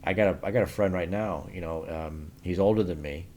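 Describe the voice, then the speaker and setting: Low-voiced man ranting bluntly. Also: fairly quick, dark tone, slight background noise. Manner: blunt and opinionated, rambling with frequent restarts. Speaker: vlogger giving his opinions. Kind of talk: unscripted opinion monologue to camera.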